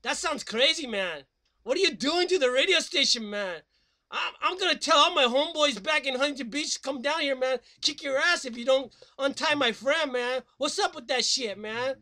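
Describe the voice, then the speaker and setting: A man's voice: very high-pitched, animated, normal speed, pushed and bright, voice pushed up, full character voice. A man doing a riled-up surfer dude. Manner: ends every sentence with "man", slurred surfer drawl. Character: laid-back young male beach surfer dude, easily riled.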